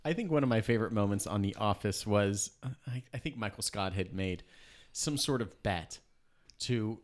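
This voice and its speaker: Low-voiced man rambling in casual chat. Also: normal speed. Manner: rambling, full of "like" and "you know".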